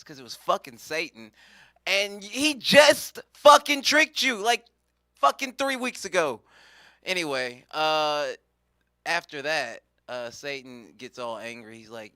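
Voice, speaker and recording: Guy doing standup, rambling and swearing, bright crisp voice, dry sound. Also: a little high, animated, unhurried, no room sound. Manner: rambling, profane, self-mocking. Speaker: stand-up comedian. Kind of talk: live stand-up set.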